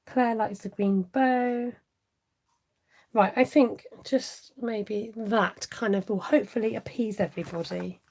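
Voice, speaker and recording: In an unhurried, slightly mellow mid-range voice with fairly even intonation, a middle-aged stamping craft demonstrator chats through a live tutorial. She laughs frequently and reads viewer comments aloud to respond while working, over poor audio.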